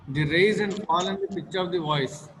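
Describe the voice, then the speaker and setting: A man teaching a class, repeating phrases and pausing often with fillers. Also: high-pitched, a bit bright, in a large hall, slight background noise, rough recording. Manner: repetitive, halting with many fillers. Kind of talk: classroom lecture.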